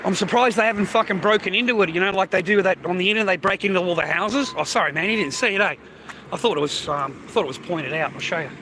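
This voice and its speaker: A man's voice: high voice, quick pace. Profane, rambling man streaming outdoors. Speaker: live streamer. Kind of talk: casual street live stream. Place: outdoors on a city street. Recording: faint street noise.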